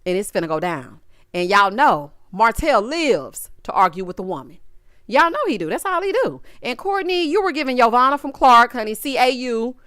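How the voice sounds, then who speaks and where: A woman hosts a casual reality TV recap, tossing out sassy, slangy asides straight to her viewers. Her voice sits a little high, swoops all over the place, and comes through smooth and clear. The sound is dry and close, with no room echo. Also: very animated, moderate pace, fairly bright tone.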